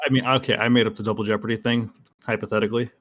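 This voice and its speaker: A man's voice: on the low side, little pitch movement, very fast, fairly bright tone. A young man co-hosting a podcast, retelling a news story in a laid-back casual way. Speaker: podcast co-host.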